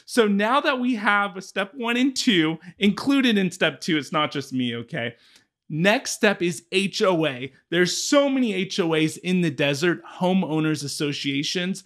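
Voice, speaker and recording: A man's voice: high voice, expressive, a little slow, a bit bright. A man, a real estate agent giving a casual walkthrough of a home search, chatty and often checking in with the listener. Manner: chatty, keeps checking in with "okay?".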